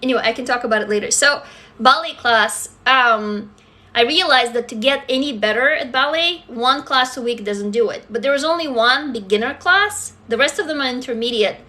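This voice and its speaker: A woman in her forties hosts a casual livestream, her slight foreign accent mostly worn away. Her voice sits a little high and sounds bright and forceful. She talks frankly, swears freely and turns aside often to answer viewers. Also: moderate pace. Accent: foreign, mostly faded. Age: 40s. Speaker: livestream host.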